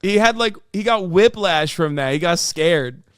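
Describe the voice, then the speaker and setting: A man streaming live reaction commentary, ranting in an animated, profane way. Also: sits high, a little slow, smooth, no room sound, studio quality.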